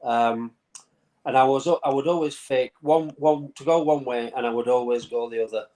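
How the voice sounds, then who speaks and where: A man's voice: mid-range voice, normal speed, dark tone, low-quality recording. A man in his fifties from England, a former goalkeeper chatting as a guest over a video call from a home man cave, telling stories with frequent laughs and repeated words. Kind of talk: casual interview chat.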